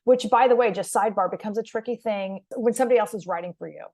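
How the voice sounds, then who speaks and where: A woman's voice: mid-range voice, fast, a little mellow. A woman hosting an interview podcast, speaking as a media coach in an encouraging, reflective way. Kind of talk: conversational interview.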